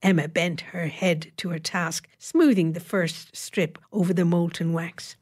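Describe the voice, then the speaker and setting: A woman reads an audiobook with a lowish, steady voice. Her storytelling is measured and wry, leaning into the dry humour. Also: slightly rough. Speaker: narrator. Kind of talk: audiobook narration.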